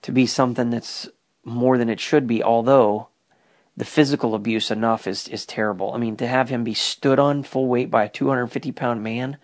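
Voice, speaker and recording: A man's voice: medium pitch, fairly even intonation, moderate pace. A man recording a personal spoken journal, talking in an earnest, emotional and soul-searching way. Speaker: father keeping a spoken prayer journal.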